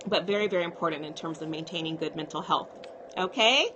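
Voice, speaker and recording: A woman's voice: deep voice, fast talker, noisy background. A woman psychiatrist talking casually to viewers on a live stream, reassuring and often checking in with "okay?".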